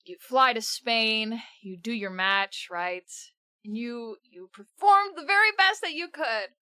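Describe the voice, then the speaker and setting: A woman's voice: a little high, sharp tone, clean tone, no echo, studio quality. A woman streamer reacting in casual live-stream commentary, swearing a lot and breaking into laughter.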